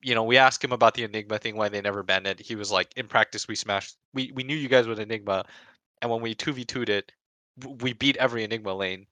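Bright-voiced man ranting animatedly. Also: fairly low pitch, fast talker, no echo. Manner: animated storytelling, heavy swearing, rants. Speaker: pro esports player recounting a tournament. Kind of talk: casual podcast chat.

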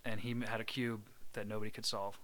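A man's voice: fairly low pitch, level tone, fairly quick, fairly bright tone. A young man co-hosting a podcast, joking crudely and sarcastically in casual chat. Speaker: podcast co-host.

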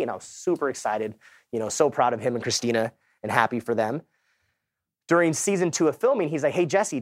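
Animated man telling a story on stage. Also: medium pitch, no room sound, studio quality. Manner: casual, animated storytelling with quoted dialogue and audience asides. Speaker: keynote speaker. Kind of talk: motivational conference talk. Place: conference stage.

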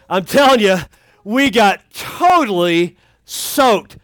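A middle-aged male pastor with a notably high, animated voice, spinning humorous family tales in a country-style camp sermon. His delivery rises and falls freely as he plays for laughs. The sound is close and dry, with no room around it. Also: normal speed, no echo. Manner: folksy and humorous, acting out a child's cries.

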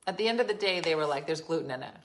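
Low-voiced woman chatting live from home. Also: animated, very fast, a little hiss or hum. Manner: chatty, storytelling, exasperated asides. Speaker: livestream host. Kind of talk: casual live chat with viewers. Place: her home, being renovated. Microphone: phone.

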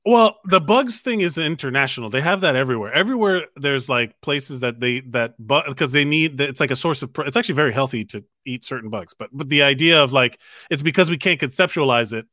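Bright-voiced man telling a rambling story. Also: mid-range voice, animated, a little fast, hardly any pauses, dry recording, clean studio sound. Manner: rambling storytelling with many restarts. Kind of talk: casual chat.

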